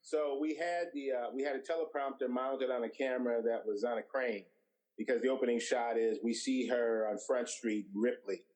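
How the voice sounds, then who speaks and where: A middle-aged guest director relays anecdotes during an interview, voicing the quoted dialogue with animation. He talks at normal speed with a medium-pitched voice, though the audio is poor.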